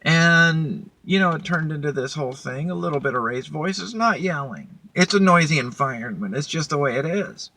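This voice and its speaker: A woman's voice: sits low, lively intonation, moderate pace, hardly any pauses, a bit bright. A woman vlogger telling a work story in a blunt, profane, casual way. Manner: blunt, profane, heated retelling.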